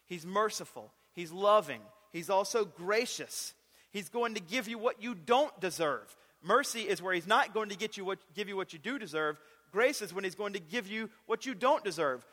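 A man's voice: high voice, pushed and bright. A man preaching a sermon, emphatic and repeating his key phrases. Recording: long reverb of a large hall.

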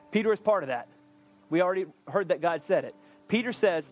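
A male pastor giving an energetic, conversational sermon. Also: sits high. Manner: energetic, conversational, animated preaching.

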